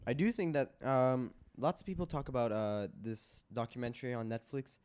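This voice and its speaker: A young man speaking as a podcast guest in relaxed, everyday chat. He interrupts freely and talks about things with easy enthusiasm. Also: mid-range voice, moderate pace, smooth. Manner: chatty, interjecting. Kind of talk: casual chat.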